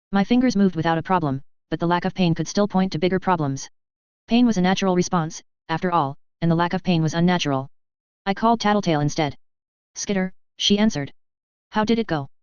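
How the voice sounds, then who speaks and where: A woman narrating a first-person audiobook in a steady, measured reading. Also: fairly low pitch, clear, resonant tone, no room sound. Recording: slightly dull recording.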